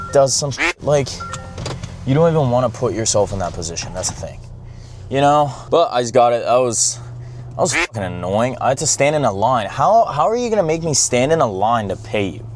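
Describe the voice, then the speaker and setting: A young male vlogger talks casually while driving, his mid-range voice swinging widely in pitch at a moderate pace, with a little hiss or hum in the audio. He's blunt and rambling, swearing a lot and saying "bro" constantly.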